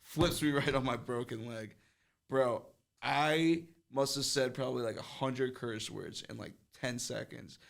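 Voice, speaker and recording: A man's voice: medium pitch, a little slow, gravelly. A young man guesting on a podcast, telling a story in a rambling, casual way, full of fillers and swearing.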